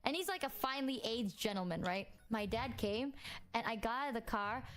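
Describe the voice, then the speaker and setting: A woman streamer telling a story in casual chat, animated and chatty, with lots of fillers and free swearing. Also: on the high side, a little fast, faint music behind.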